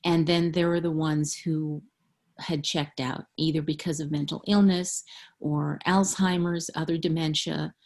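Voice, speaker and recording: Brief: middle-aged woman author, husky and low, frank interview guest who laughs easily. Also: little pitch movement, unhurried, a little mellow. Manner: candid, frank, laughs often. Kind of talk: interview conversation.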